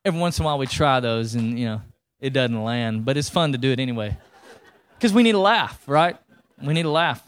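A man preaching a sermon in a lively, colloquial way, full of rhetorical questions and asides to the congregation. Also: mid-range voice, fairly quick, clear, resonant tone. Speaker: pastor.

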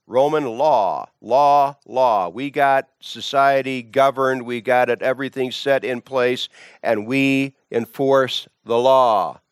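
A man's voice: mid-range voice, little pitch movement, slow pace, clean tone, no echo, clean studio sound. A man teaching from the Bible, emphatic, often repeating words and restarting phrases.

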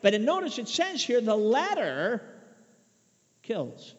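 A man from Chicago preaching a sermon, emphatic, swinging between loud declarations and hushed asides. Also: extremely high pitch, huge pitch swings, slow pace. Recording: dull lo-fi sound with long reverb.

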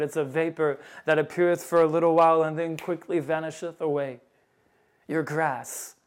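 A male preacher delivers a fervent sermon in a high, ringing voice. He leans into old scripture wording and presses his listeners with urgent questions. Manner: fervent, rising to loud emphatic appeals.

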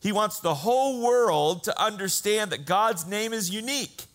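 A man preaching a sermon, slow and earnest, rising in emphasis on key phrases. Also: high voice, a bit bright. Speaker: pastor.

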